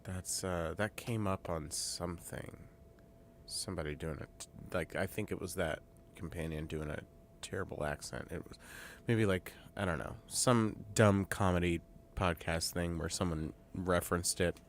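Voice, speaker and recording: A man co-hosting a podcast, chatting casually and jokingly, drifting between loud bursts and quiet mumbled asides. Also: low voice, moderate pace, slight background noise. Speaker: podcast co-host. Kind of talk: casual chat.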